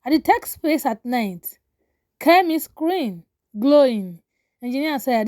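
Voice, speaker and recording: High, lively woman storyteller. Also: unhurried, no echo, clean studio sound. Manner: dramatic, short declarative lines. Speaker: narrator. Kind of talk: scripted story narration.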